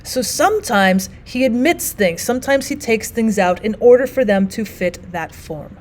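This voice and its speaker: A woman's voice: fairly high pitch, animated, moderate pace. A woman teacher narrating a recorded language arts lesson, explaining and reading quotes aloud with emphasis.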